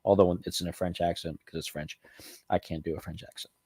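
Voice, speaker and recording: Man, very low voice, dry close-miked sound, casual home review vlog, rambling with fillers and restarts. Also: little pitch movement, quick pace, a little mellow, slightly rough, dry recording. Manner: rambling, frequent ums and self-corrections. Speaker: channel host reviewing cognac.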